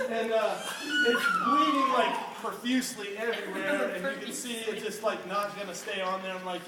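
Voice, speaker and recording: A young man preaching to a youth group, telling a lively story with laughter and questions for the listeners. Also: sits high, moderate pace, few pauses. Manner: animated, laughing storyteller who quizzes listeners. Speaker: youth pastor. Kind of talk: storytelling sermon. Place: hall with a live audience. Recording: roomy, distant, noisy room recording.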